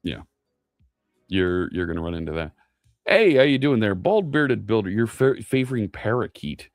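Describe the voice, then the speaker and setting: Lowish-voiced man chatting to stream viewers. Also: lively intonation, moderate pace, no echo. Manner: chatty, reads chat aloud, many fillers. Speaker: live coding streamer. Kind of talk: casual live stream chat with viewers. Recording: faint music underneath.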